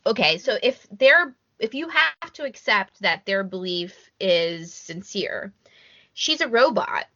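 Woman podcast co-host, bright and forceful voice, chatty, dry and slightly lo-fi. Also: mid-range voice, slow pace, dry recording. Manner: animated, chatty, lots of fillers and restarts. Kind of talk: casual chat. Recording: dry, slightly dull lo-fi audio.

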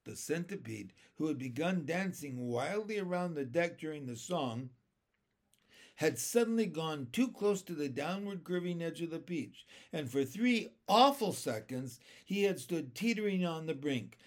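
A man reading a children's novel aloud, lifting his voice for the characters' cries. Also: on the high side. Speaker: reader.

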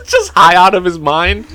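A young man co-hosting a loose, profane podcast chat. He tells stories animatedly, his voice bouncing up and down with a bright, forceful edge. It sits slightly high for a man. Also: slight background noise. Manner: animated storyteller, heavy swearing. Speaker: podcast co-host.

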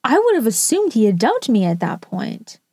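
A woman's voice: on the high side, wildly swooping pitch, normal speed, dark tone, slightly rough, dry recording, studio quality. A woman rating and reacting to stories in casual commentary, blunt and sarcastic with frequent swearing. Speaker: storytime reactor.

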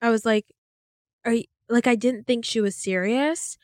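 A woman's voice: a little high, no room sound, clean studio sound. A young woman co-hosting a podcast who chimes in supportively with short replies and brief stories of her own. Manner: supportive, quick short backchannels. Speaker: podcast co-host. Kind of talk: casual podcast chat.

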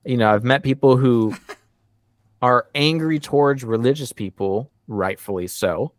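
A man hosting a podcast, chatting casually, animated and laughing as he acts out what others said. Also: medium pitch, a little slow, no room sound. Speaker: podcast host. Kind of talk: casual conversation.

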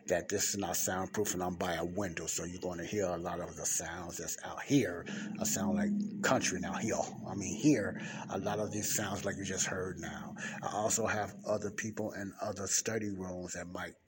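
A man giving an informal podcast Bible teaching in a library study room, rambling and repeating himself while keeping his voice low, close to the mic. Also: fairly even intonation, normal speed. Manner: rambling, repeats and restarts words, talks low and quiet. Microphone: speaking close to the mic. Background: faint passing traffic.

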